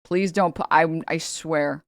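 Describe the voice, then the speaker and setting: A woman's voice: sits low, steady tone, unhurried, dry recording, studio quality. A woman streamer chatting casually and mocking her subject with sarcasm. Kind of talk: casual chat.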